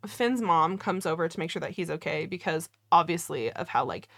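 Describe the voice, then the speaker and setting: A woman co-hosting a casual book-club podcast, talking in an animated, emphatic way with quick joking asides. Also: low voice, gravelly, no room sound, studio quality. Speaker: podcast co-host.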